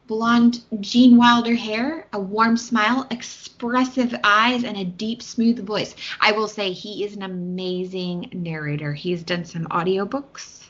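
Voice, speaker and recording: A woman's voice: mid-range voice, fairly bright tone. A woman with a Southern American accent, co-hosting a podcast in casual, chatty talk with many fillers. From Southern United States. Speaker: podcast co-host. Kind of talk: casual chat. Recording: slightly dull lo-fi audio.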